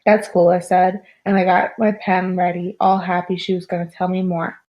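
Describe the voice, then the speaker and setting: A woman reading a novel aloud in steady first-person narration. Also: fairly low pitch, normal speed, lo-fi sound. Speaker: reader.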